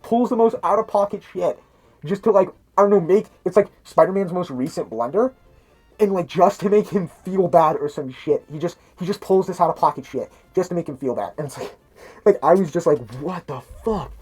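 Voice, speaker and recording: High-voiced and fairly quick, this man sounds a little mellow and breathy as he rambles through a profane film review. He talks into a cheap mic through a mask, which muffles him slightly; he restarts often, swears, and laughs at things.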